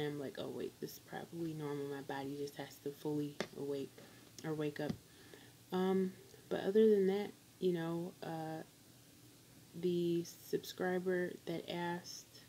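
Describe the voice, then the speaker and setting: Low, flat-voiced woman vlogging casually. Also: a little hiss or hum, rough recording. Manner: rambling, many fillers and restarts. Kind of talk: casual update vlog. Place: on a work break.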